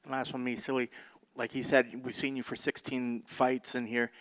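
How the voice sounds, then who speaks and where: A man's voice: mid-range voice, little pitch movement, normal speed, fairly bright tone, rough recording. A man working as a reporter, asking long, rambling questions in an interview.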